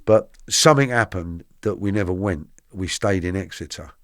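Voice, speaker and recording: A middle-aged man recounting his arrest in colloquial, vivid storytelling, now and then shouting out the quoted lines. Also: sits low, normal speed, no echo, studio quality. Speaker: guest. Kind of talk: true crime storytelling.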